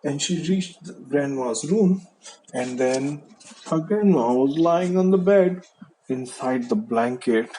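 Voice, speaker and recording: A man telling a bedtime story to a young child, gentle and asking the listener questions. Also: medium pitch, expressive, slow pace, a little hiss or hum, rough recording.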